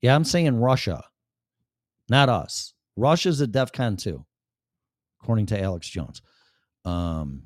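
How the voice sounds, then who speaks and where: A man's voice: fairly low pitch, expressive, moderate pace, no room sound, studio quality. A man in his fifties from Chicago with a Chicago accent, hosting a casual podcast monologue in a blunt, profane, rambling way. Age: 50s. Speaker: podcast host.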